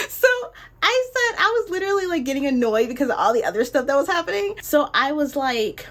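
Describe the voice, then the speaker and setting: A young adult woman telling a story in a casual vlog, animated and exclamatory, and she jumps high in pitch when she is incredulous. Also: a little fast. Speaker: vlogger.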